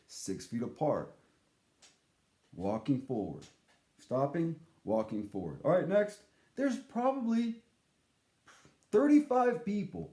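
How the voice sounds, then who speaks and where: Animated, profane male storyteller in an echoey room. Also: on the high side. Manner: animated, profane, acts out voices he quotes. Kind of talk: casual storytelling monologue.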